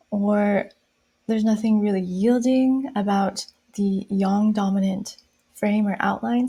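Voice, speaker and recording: Slow, soft-spoken woman teaching style. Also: medium pitch, slightly rough. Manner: slow, soft-spoken, listing qualities one by one. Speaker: style educator. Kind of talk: explanatory lesson narration.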